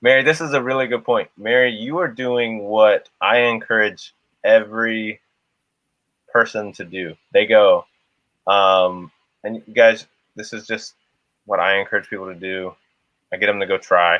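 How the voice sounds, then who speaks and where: Man, stream host; low voice, rambling casual chat, dry dull lo-fi sound. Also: steady tone, normal speed, fairly bright tone, no echo. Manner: rambling, conversational. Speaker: livestream host.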